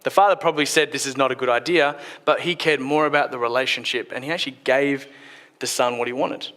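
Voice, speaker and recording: Guy preaching a sermon, bright tone, middle pitch, gets soft at the key bits. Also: fairly even intonation, fast. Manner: retells the story with acted quotes, drops softer at key points.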